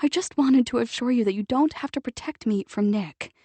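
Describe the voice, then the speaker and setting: A woman's voice: fairly quick, husky, dry recording. A woman voicing a young woman, out of breath and urgently calling out, in an audiobook. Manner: urgent, loud and high.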